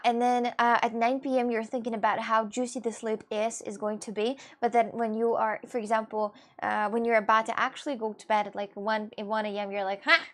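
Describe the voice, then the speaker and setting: Rambling young woman streamer. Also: fairly high pitch. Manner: rambling, many fillers and restarts, reads chat aloud. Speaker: livestreamer chatting with viewers. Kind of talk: casual chat.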